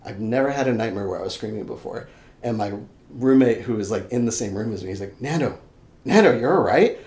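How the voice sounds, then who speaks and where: A young adult man, a podcast guest, telling a story in casual chat, animated and swearing freely, acting out his own shouts. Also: on the low side, fast. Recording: echoey room, faint background noise.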